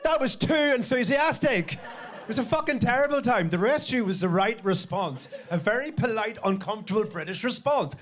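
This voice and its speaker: A man's voice: high voice, expressive, moderate pace, a bit bright. A man with a Northern Irish accent doing a live stand-up set on a club stage, swearing and mocking himself as he riffs with the crowd. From Northern Ireland. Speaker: stand-up comedian. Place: comedy club stage with audience.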